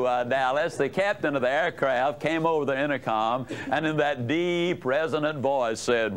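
A man giving a motivational lecture to a live audience, folksy and humorous, telling stories and asking the room questions. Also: mid-range voice. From United States. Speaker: motivational speaker.

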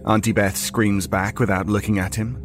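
Man, scripted horror narration, measured delivery, faint background music. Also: on the low side, level tone.

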